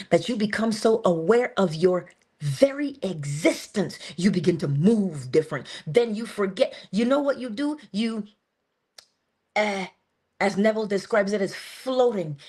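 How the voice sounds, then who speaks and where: A woman's voice: medium pitch, a little mellow, breathy edge. A woman giving an earnest but casual inspirational monologue as a motivational speaker, talking conversationally with sudden emphasis.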